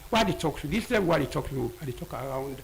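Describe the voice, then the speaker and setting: A man speaking with a Sierra Leonean Krio accent gives an animated explanation, his voice rising and falling a great deal. There is a gravelly edge to his voice, and he often repeats key words as he guest-lectures in a radio studio. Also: a little high, racing, a little hiss or hum, poor audio. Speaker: audiologist guest. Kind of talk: explaining on a radio health show.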